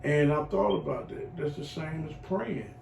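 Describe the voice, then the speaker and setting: A middle-aged man giving heartfelt personal testimony as a client in a recovery program, earthy and animated, acting out voices as he tells his story. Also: on the high side, normal speed, creaky. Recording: echoey room, voice from far off, faint noise.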